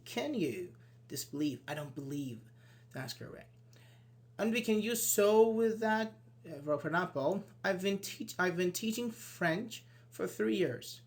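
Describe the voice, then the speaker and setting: An English teacher runs an online grammar lesson, explaining things step by step. He's lively, piles on "for example"s, and acts out short sample dialogues, shifting his pitch whenever he voices the example sentences.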